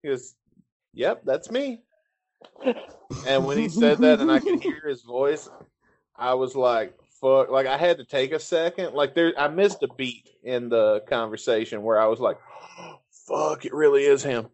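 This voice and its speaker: A man's voice: medium pitch, expressive, normal speed, darkish tone. A man hosts a podcast, spinning a long, loose story in casual chat. He swears freely and keeps stopping to restart his sentences. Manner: profane, rambling storyteller. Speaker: podcast host.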